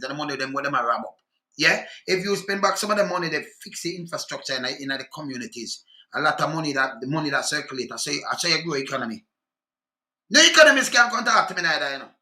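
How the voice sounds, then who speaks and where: A man's voice: fairly high pitch, quick pace, bright, forceful tone, roomy sound. A man with a Jamaican accent in an angry, profane rant reacting to clips. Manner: heated, profane, scolding.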